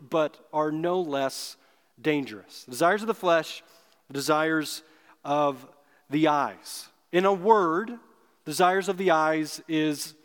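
A man preaching a sermon as pastor, earnest and emphatic, slowing down to stress key words. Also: on the high side, fairly bright tone. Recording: long hall reverb.

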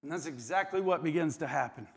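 A man's voice: a little high, quick pace, creaky, long reverb tail. A man preaching a sermon as a pastor, with an impassioned, repetitive preaching cadence.

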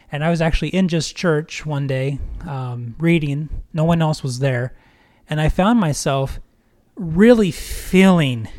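Male podcast co-host, slightly high-pitched, earnest and thoughtful. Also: darkish tone. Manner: earnest and reflective. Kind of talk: casual podcast chat.

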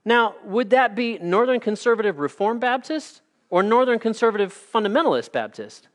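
A zealous preacher, as a pastor puts him on in a joke, bursting out with shrill, excited exclamations. His voice leaps high and swings widely, each question pushing with eager insistence. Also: normal speed. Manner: exclamations jumping very high in pitch. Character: overeager zealous male street preacher.

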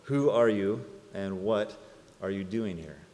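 A man voicing a wise, quick-witted rabbi who answers a guard with calm, sly questions in a sermon story. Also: lowish voice. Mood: calm, earnest. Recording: long church-hall reverb.

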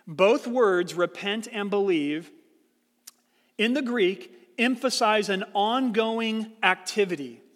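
A man's voice: high-pitched, takes it slowly, in a large hall. A male pastor giving a sermon, telling an illustration with acted-out quotes and explaining it earnestly.

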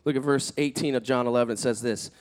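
A man preaching a sermon as pastor, animated and conversational, acting out quoted speakers, swinging between loud emphatic peaks and soft, hushed asides. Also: mid-range voice, fast. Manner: conversational, with fillers and restarts.

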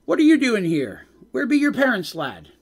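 A man voicing a kindly older male dwarf with a Scottish accent, sad and gentle. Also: extremely high pitch, huge pitch swings, moderate pace, slightly rough, pitched above the performer's own voice, heavily acted. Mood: concerned.

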